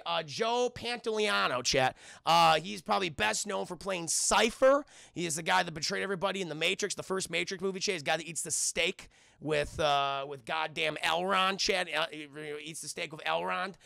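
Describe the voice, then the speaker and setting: A man's voice: sits high, normal speed, gravelly, hardly any pauses, pushed and bright, no echo, studio quality. A man giving a casual, profane film review on stream, constantly addressing his chat.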